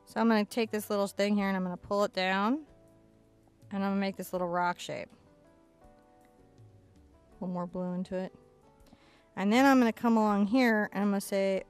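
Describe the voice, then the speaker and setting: A chatty, playful woman at a medium pitch talks viewers through an acrylic painting lesson step by step. She jokes, mutters to herself, and makes little sound effects as she paints in an indoor studio. Faint music plays behind her. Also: fairly even intonation, moderate pace, pauses often, smooth.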